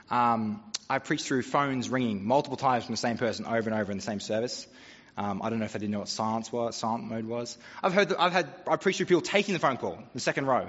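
A man's voice: mid-range voice, fairly bright tone. A man preaching a sermon as pastor, telling stories with humor in a conversational way. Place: church. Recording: dull sound with long church reverb.

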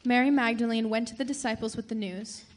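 Woman, scripture narrator, earnest clear reading, fairly high voice. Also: fairly even intonation, fast talker. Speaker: scripture reader.

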